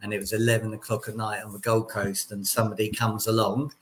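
Low-voiced male podcast host. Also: flat delivery, fast, fairly bright tone, low-quality recording. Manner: conversational, anecdotal. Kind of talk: casual interview chat.

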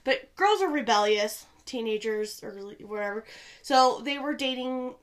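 A young woman co-hosting a podcast in casual chat, rambling with lots of "like" and swinging between excited bursts and quiet asides. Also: on the high side, a little slow. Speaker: podcast co-host.

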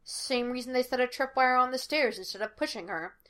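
An excitable young detective who can't stop teasing his friend, all quick banter and bursts of glee, as a woman reads him aloud. The voice sits fairly high and bounces between jokes. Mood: explaining. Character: lively wisecracking young male psychic detective.

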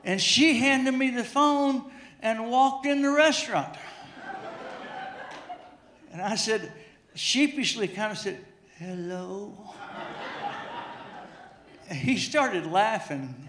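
A middle-aged male preacher tells a humorous story from the pulpit, circling back over his own words. His voice sits fairly high for a man. The sound echoes through a church sanctuary. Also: vocal fry, fairly bright tone, a little hiss or hum. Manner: storytelling with humor, repeats himself. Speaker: pastor. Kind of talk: sermon.

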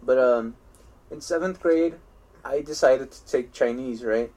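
A young man spins long, looping stories from his school days in a relaxed podcast chat. He keeps starting his sentences over and swears freely. He often breaks into laughter at his own tales. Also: mid-range voice, unhurried. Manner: rambling storytelling with frequent restarts and swearing. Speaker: podcast co-host. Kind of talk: casual chat.

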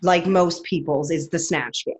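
A woman co-hosting an interview, asking curious, steady questions. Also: lowish voice, measured pace. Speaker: co-host. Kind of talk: casual interview chat.

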